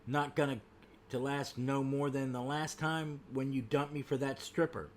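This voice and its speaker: A man reading the lines of a fed-up young woman, an ex-girlfriend, in a flat read-aloud delivery. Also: medium pitch, normal speed, a little hiss or hum, close to an everyday voice. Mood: weary. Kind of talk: reading comic dialogue aloud.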